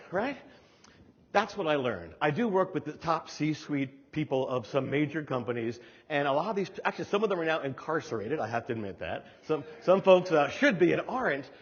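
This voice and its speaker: Speaking in a husky, high-pitched voice, an older keynote speaker gives a motivational talk built on lively storytelling and forceful repetition. The audio is muffled and carries the long echo of a large hall.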